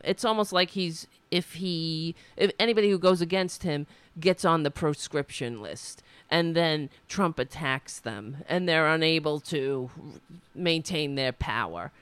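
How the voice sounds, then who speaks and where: Animated, indignant woman streamer. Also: fairly low pitch, clean tone, no echo. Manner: rambling and indignant, with frequent restarts. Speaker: livestream host. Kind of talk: casual political commentary livestream.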